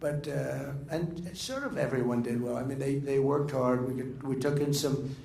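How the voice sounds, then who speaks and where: A man's voice: medium pitch, moderate pace, vocal fry, warm tone, slight background noise. An older man giving rambling, boastful, anecdotal remarks at a dinner gathering. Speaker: speaker at a political dinner. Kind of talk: off-the-cuff after-dinner remarks. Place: large dining room. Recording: echoey room, faint ambience.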